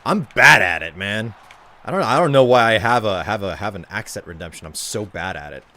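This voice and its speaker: A man's voice: on the low side, expressive, a little fast, pushed and bright. A man chatting casually to his live-stream chat while he plays, rambling and joking. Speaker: game streamer.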